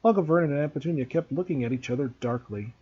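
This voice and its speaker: Husky-voiced man reading a story. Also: fairly high pitch, fast, a little mellow, dull audio. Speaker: teacher. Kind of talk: reading a novel aloud.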